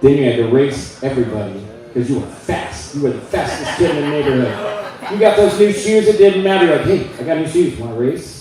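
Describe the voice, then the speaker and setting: Guy doing stand-up, kinda high voice, loose chatty delivery, sounds far off in a big echoey room. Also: crowd noise. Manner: loose, conversational joke telling with quick voiced asides. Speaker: stand-up comedian. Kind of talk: stand-up comedy set. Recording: echoey room, mic at a distance.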